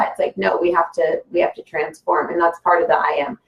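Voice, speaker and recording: Rambling low-voiced woman in an echoey room. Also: flat delivery, a little fast, creaky, muffled recording, slight background noise. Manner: rambling, full of "like" and "you know". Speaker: guest. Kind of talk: casual spiritual conversation.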